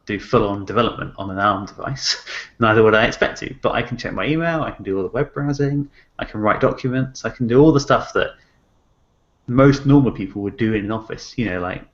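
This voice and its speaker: A man's voice: fairly low pitch, a little fast. A man co-hosting a tech podcast, talking enthusiastically and thinking aloud with lots of "you know"s. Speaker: podcast co-host. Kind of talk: casual tech chat. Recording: slightly muffled podcast audio.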